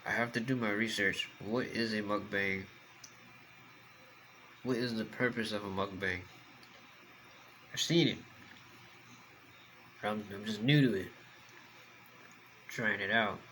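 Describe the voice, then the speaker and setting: A man's voice: on the low side, unhurried, long pauses, pushed and bright, a little hiss or hum, rough recording. A young man, chatting casually to the camera while he eats, rambling and talking with food in his mouth. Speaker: mukbang vlogger.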